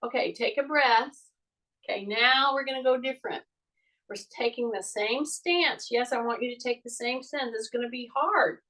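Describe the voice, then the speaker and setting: Older female fitness instructor, high voice, heard from a distance off the mic; coaches a class with repeated cues and playful ribbing. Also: normal speed, bright, forceful tone. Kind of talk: live online exercise class instruction.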